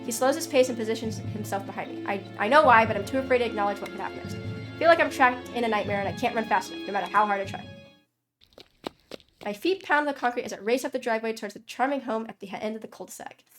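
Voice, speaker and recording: A woman streaming as she reads a story game aloud, with a fairly high voice. Her dramatic reading gives way to loud, sweary reactions. Soft music plays underneath. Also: quick pace.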